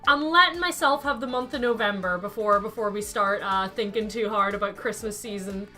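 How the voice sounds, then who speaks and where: A woman's voice: mid-range voice, fairly quick, sharp tone, soft background music. A young woman chatting casually to her live-stream viewers while playing a game, thinking aloud and answering chat by name.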